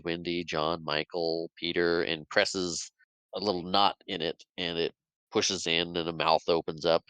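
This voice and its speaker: A man's voice: deep voice, clean tone, no room sound. A man hosting a podcast, casually retelling a movie plot, acting out characters' lines and laughing often. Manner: animated retelling, acts out quotes, laughs often. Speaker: podcast host. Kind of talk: casual movie recap chat.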